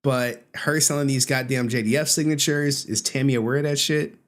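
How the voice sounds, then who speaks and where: A man's voice: mid-range voice, steady tone, fairly quick. A man in his thirties giving blunt, profane, mocking commentary while he reacts to an interview clip.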